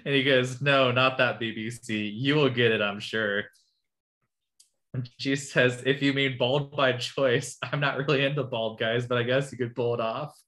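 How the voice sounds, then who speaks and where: Casual co-host, woman, bright edge to the voice, amused reader of dating chats. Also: a bass voice, fairly even intonation, normal speed. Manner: amused, laughing as she reads. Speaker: podcast co-host. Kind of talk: casual chat, reading dating messages aloud.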